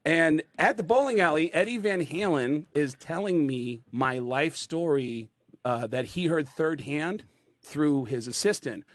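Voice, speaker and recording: A man's voice: a little high, measured pace, no echo. A man, a comedian, telling a rambling comic anecdote over a video call. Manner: rambling, animated, full of fillers. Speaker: comedian guest.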